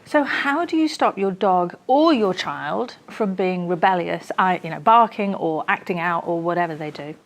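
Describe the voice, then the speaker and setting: A woman hosting a TV studio interview, encouraging and quick to laugh. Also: lowish voice. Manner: lively, encouraging, laughs often. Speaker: TV talk show host.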